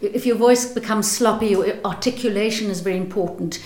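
A woman actress explains her craft in a thoughtful, articulate way, repeating words as she gathers her thoughts. Her voice sits at a middle pitch. The room around her is noticeably echoey. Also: brisk, darkish tone. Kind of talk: interview answers.

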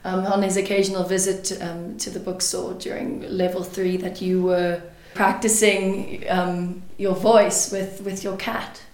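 Gentle woman interviewer, echoey room. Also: fairly low pitch, little pitch movement, a little slow, hardly any pauses. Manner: gentle, encouraging, with short affirmations. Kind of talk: interview questions.

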